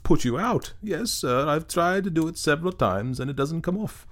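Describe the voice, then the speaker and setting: Brief: male reader voicing a timid young male ghost, apologetic and flustered, pitched high above the narration. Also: lively intonation, moderate pace, lightly acted. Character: weak, silly, aimless young male ghost.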